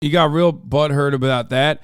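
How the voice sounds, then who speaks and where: Sarcastic, profane streamer, smooth voice. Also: male voice, fairly high pitch, fairly even intonation, normal speed, dry recording, studio quality. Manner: sarcastic and profane, talks to his chat. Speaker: streamer reacting to a video. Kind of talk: casual reaction stream.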